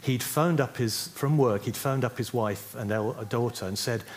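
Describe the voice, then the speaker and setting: A man's voice: medium pitch, normal speed. A man teaching a church group how to pray for healing, speaking conversationally and often checking in with "yeah?". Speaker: preacher teaching on healing prayer.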